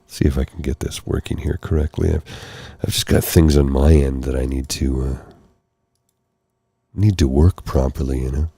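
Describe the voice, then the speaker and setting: Tired, hoarse male ASMR host; extremely deep, dark, gravelly voice; soft, rambling, apologetic delivery. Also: steady tone, moderate pace, no echo. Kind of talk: soft-spoken ASMR live stream. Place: candlelit room at home. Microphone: close mic for ear-to-ear speaking.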